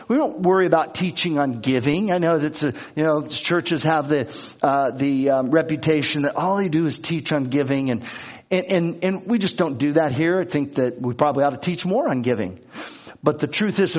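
A pastor preaching a conversational sermon, with many restarts and quick acted-out asides. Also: male voice, a little high. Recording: dull lo-fi recording.

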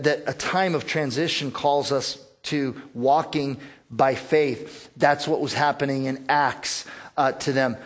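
A man preaching a sermon to his church, earnest and animated, often restarting phrases with fillers. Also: medium pitch. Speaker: pastor.

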